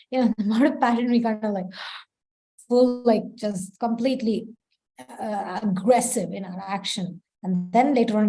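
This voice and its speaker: A woman's voice: on the high side, mellow. A woman giving a devotional lesson as a spiritual teacher, explaining patiently and acting out short example quotes.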